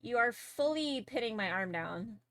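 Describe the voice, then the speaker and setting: A woman's voice: fairly high pitch, lively intonation, moderate pace, fairly bright tone. A young Canadian woman with a Canadian accent, chatting casually and rambling with lots of fillers while she draws on a livestream. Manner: rambling, filler-heavy, laughs easily. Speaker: streamer. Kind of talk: casual chat while drawing on stream.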